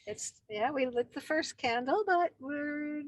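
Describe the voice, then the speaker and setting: A woman's voice: high-pitched, animated, unhurried, no room sound, low-quality recording. A woman co-hosting a practice group from a parked car over a video call, chatting casually and teasing with easy laughs. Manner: playful, teasing, laughs easily. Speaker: co-host. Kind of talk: casual banter. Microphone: phone on video call.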